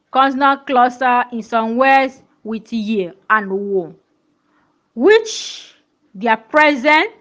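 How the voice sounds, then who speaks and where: Slow-talking woman teaching pronunciation. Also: fairly high pitch, a bit bright, lo-fi sound. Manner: repetitive, checks understanding with questions. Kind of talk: pronunciation lesson.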